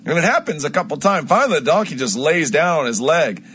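A man giving an informal Bible teaching on his own stream, telling the story in an emphatic, animated way with frequent restarts and asides. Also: fairly high pitch, quick pace, husky.

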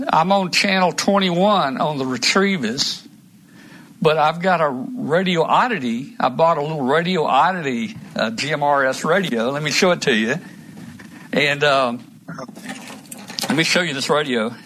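On a casual radio hobby live stream, a male host with a fairly bright, somewhat high voice rambles through talk about gear. He restarts often and lets his sentences trail off.

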